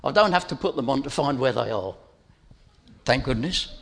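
A man's voice: mid-range voice, lively intonation, moderate pace, creaky, fairly bright tone. A middle-aged man giving an informal sermon as preacher, telling a family story in a chatty way with asides to his listeners.

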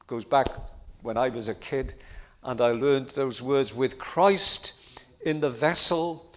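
A middle-aged man preaching a sermon, earnest and rising to fervent appeals. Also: a little high.

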